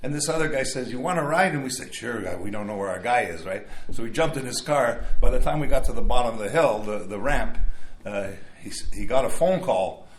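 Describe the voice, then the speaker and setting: A man's voice: mid-range voice, expressive, brisk, hardly any pauses. An older man sharing his recovery story at a meeting in a rambling, casual way, with wry asides. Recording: echoey room, faint background.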